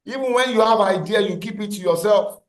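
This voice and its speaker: Male lecturer on a video call, high voice, repeats points for emphasis. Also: brisk, reverberant, crowd noise, rough recording. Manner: repeats key phrases, asks class questions. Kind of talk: online class lecture.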